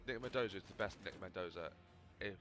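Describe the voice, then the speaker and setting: A man's voice: low-pitched, fast talker, over loud music. A man casually commentating over his gameplay in a rambling, chatty, self-mocking way. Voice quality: slightly overdriven mic. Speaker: gaming video host.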